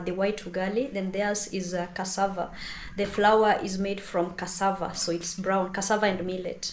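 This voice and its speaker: A young Kenyan woman with a Kenyan accent, chatting to viewers as she cooks a meal in a village home. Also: mid-range voice. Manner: chatty, addresses viewers directly. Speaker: vlogger. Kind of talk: casual cooking vlog. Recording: echoey with loud background noise.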